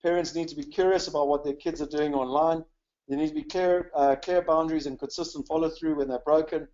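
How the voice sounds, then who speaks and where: A man's voice: a little high, fairly even intonation, a little fast, a little mellow, muffled recording. A South African man from South Africa giving a casual, chatty webinar talk, upbeat and full of "you know" fillers. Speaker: webinar presenter.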